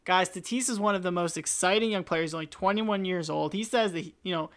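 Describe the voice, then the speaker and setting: A man's voice: sits high, fast talker, fairly bright tone. A man hosting a casual sports podcast, reading the news in a chatty, opinionated way and poking fun at himself. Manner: chatty, opinionated, self-deprecating. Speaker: podcast host. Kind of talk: casual chat.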